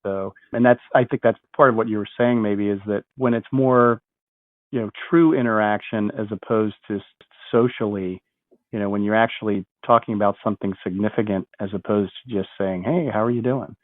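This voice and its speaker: Male podcast host, lowish voice, dry tinny phone-like sound. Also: fairly even intonation, a little fast, no room sound. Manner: conversational, summarizes guest's points. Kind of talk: interviewing, casual chat.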